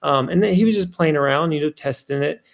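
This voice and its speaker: A man in his thirties with a strongly gravelly voice sits in as a podcast guest. He tells his story earnestly and at length, slightly high in pitch, with plenty of ums and restarts. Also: quick pace. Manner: earnest and rambling, full of fillers.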